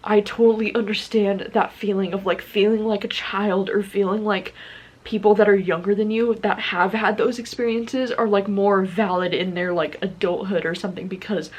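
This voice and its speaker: A woman's voice: mid-range voice, steady tone, normal speed, poor audio. A woman in her twenties talking casually about books in a vlog, candid and chatty with lots of "like" fillers. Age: 20s. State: tearful. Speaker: book vlogger.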